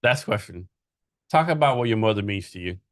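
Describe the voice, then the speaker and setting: A man's voice: fairly low pitch, animated, brisk, no echo, studio quality. A man hosting a podcast, asking questions in a loose, casual way and swearing now and then. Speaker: podcast host. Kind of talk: casual interview talk.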